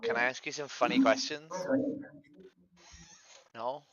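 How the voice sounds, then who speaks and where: A man's voice: medium pitch, steady tone, a little slow, pushed and bright. A man streaming as a vegan activist, persistently repeating his opener and asking probing questions over voice chat. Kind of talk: street-outreach style questioning on voice chat. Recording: dry lo-fi stream audio.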